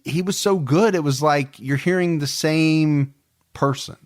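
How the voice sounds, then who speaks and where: A man hosting a true-crime podcast in casual chat, relaxed and talkative. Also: on the high side, unhurried, dry recording, clean studio sound. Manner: relaxed, chatty, fond of the listeners. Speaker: podcast host.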